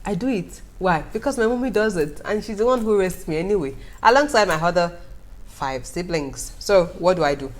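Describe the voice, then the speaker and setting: A young woman talks casually to her viewers about motherhood, her voice sitting a little low. She tells her stories in an animated, playful way and laughs often as she speaks. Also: fairly quick. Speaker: vlogger. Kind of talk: casual storytelling to camera.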